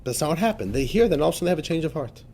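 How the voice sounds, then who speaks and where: A man teaching a text class in a high, lively voice that leaps up and down as he explains. He talks to his listeners casually, tossing them rhetorical questions and "right?" along the way. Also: very fast. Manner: chatty and informal, with frequent fillers like "right?" and "you know". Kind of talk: explanatory lesson on a religious text.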